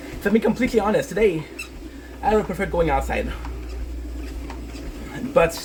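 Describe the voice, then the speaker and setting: A man's voice: on the high side, a little hiss or hum, low-quality recording. A man live-streaming on a walk, chatting casually with his viewers, greeting them by name and swearing freely.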